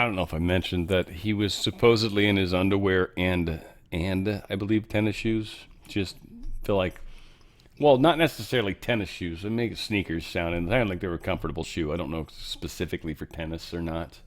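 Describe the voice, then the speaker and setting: A man's voice: low-pitched, a little fast. A man hosting a casual news commentary show, talking in a rambling, offhand way with lots of fillers and restarts. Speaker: show host.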